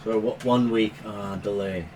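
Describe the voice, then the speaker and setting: A man's voice: lowish voice, steady tone, a little slow, a little mellow, slight background noise. A man acting as game master, patiently explaining rules with fillers in a tabletop game session. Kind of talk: running a tabletop game over voice chat.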